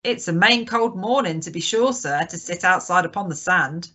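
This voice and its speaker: Woman reader for a cheery pirate captain, storybook read-aloud, loud and wheedling, bright tone. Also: fairly low pitch, expressive, normal speed. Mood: complaining. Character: cheery sly one-legged male pirate chief. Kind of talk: audiobook character reading.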